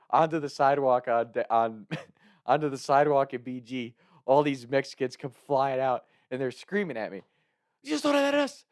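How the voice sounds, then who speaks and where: A man's voice: medium pitch, darkish tone, dry recording, studio quality. A young adult man hosting a podcast, telling a casual story and chuckling often. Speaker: podcast host.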